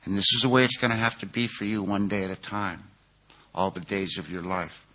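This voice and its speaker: A man voicing an old male sponsor who speaks in a soft, grave and steady way. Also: low-pitched, brisk.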